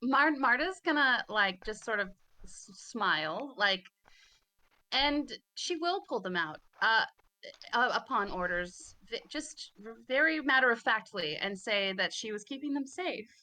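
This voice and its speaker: A woman describing her character's actions in a tabletop game, halting over words and giggling. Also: on the high side, lively intonation, sharp tone. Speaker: player.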